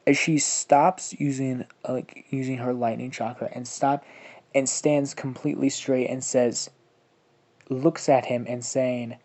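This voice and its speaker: A man's voice: mid-range voice, flat delivery, unhurried, darkish tone. A young man telling a fan-fiction story in a casual, rambling way, swearing often and laughing at his own jokes. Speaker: fan-fiction narrator and channel host.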